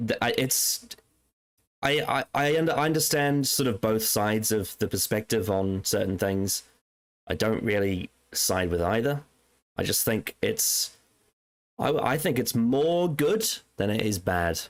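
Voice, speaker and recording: Low-voiced, hesitant podcast co-host. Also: male voice, measured pace. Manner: hesitant, restarts often when giving opinions. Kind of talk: casual podcast chat.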